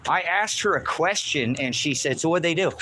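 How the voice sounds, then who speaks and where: Here a fairly high-pitched, expressive male voice with a sharp tone and moderate pace carries an angry live-stream rant. He's outdoors filming on a handheld phone, agitated, cursing a lot and saying the same things over. A little hiss or hum is audible.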